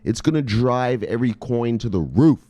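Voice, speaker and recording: A man's voice: mid-range voice, normal speed, no echo. A man hosting a crypto news channel who reads from articles, stumbles over words, then rambles, swears and pushes harder as he goes, sounding a bit tipsy. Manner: rambling, swearing, pushy, gets louder and more excited. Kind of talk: casual profane market commentary.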